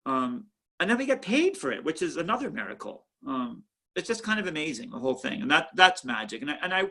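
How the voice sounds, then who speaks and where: A man who founded a museum chats in an interview at home, an animated storyteller who repeats and restarts his words. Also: on the high side, fast. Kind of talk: casual interview chat.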